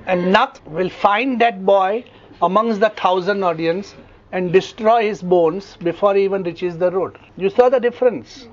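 Unhurried and high-pitched, with the top frequencies cut off, an Indian English-accented man lectures a homeopathy class. Animated storytelling fills his talk, along with regular check-ins to make sure students keep up.

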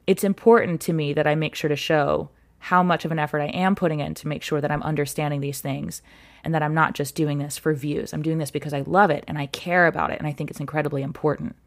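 Earnest, animated woman guest. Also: sits low, fast. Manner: animated, earnest, laughs often. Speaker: guest, content creator. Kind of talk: storytelling in a podcast interview.

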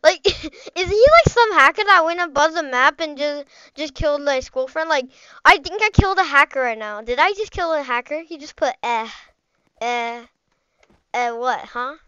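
Woman, gaming host, high bright voice, excitable rambling play-by-play, dry close sound. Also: normal speed, no room sound, lo-fi sound. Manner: excitable, chatty, rambling with frequent "like" and "bro". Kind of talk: live gameplay commentary.

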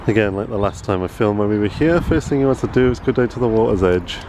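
A man's voice: on the low side, fast, darkish tone. A young father chatting casually while filming a home vlog, often switching to a sing-song voice for his small child. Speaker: father vlogging with his toddler. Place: home kitchen, then outdoors by a canal. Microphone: handheld camera. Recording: noisy handheld camera audio. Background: appliances humming, then outdoor and traffic noise.

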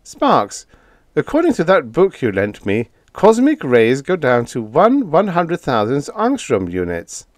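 A man voicing a naive young male second mate, speaking in a high, eager, distracted way. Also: huge pitch swings, a little slow, no echo, studio quality. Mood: earnest.

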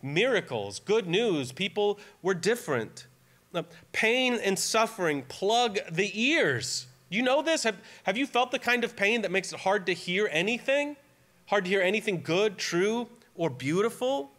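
Male pastor, 40s, sermon delivery; earnest, emphatic, slightly higher-pitched voice. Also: big pitch swings, measured pace. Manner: earnest, emphatic, grows quiet and tearful when telling a personal story. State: near tears at times.

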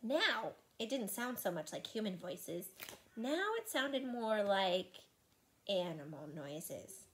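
A woman teacher reading a children's chapter book aloud to her class with expressive storytelling. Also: medium pitch, slow pace, a little hiss or hum.

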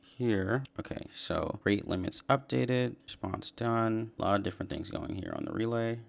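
A man giving a relaxed, upbeat screen-share coding tutorial as a software developer. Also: fairly low pitch, normal speed, gravelly. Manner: relaxed, upbeat, says "sweet" and "awesome". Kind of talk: casual screen-share walkthrough.

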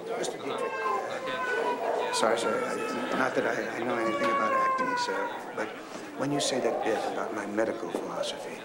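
Nervous, deferential doctor who stammers, echoey room, crowd noise. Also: male voice, medium pitch, wildly swooping pitch, a little fast. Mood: flustered.

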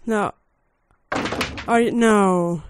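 A woman's voice: mid-range voice, extremely slow, background noise. A young woman hosting a horror game let's play, jumpy, yelping and laughing nervously as she plays. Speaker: gaming video host. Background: game music.

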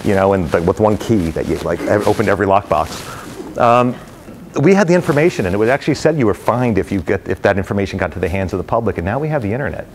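A middle-aged man tells stories to a room of brokers in an energetic, rambling way, full of fillers. His voice sits very low and he talks fast. A faint hiss runs under the talk. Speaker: real estate executive speaking to brokers. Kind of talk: casual talk to a live audience. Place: company headquarters event space.

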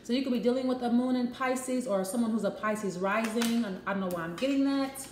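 A woman's voice: fairly high pitch, brisk, a little mellow. Chatty tarot-reading woman in an echoey room. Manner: chatty, repeats herself, frank and profane asides. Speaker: tarot reader. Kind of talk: casual tarot reading to camera. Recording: echoey room with faint noise.

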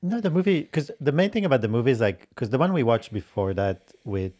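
A man co-hosting a podcast, talking in a calm, measured and slightly hesitant way. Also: mid-range voice. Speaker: podcast co-host. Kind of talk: casual chat.

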